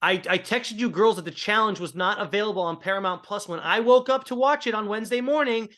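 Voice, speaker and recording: A man's voice: high-pitched, fast talker, pushed and bright. A man co-hosting a casual TV recap chat, talking in a rambling, opinionated way. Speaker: co-host.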